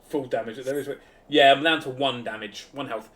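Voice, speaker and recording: A man's voice: medium pitch, fairly even intonation, normal speed, fairly bright tone. A man streaming a game, chatty and joking, swearing for laughs. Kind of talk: casual gameplay commentary.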